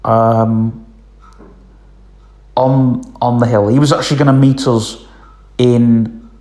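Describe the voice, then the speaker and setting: A man's voice: medium pitch, flat delivery, slow pace, warm tone, roomy sound. A man telling a long casual story, rambling with lots of ums and "I says". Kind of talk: casual spoken anecdote.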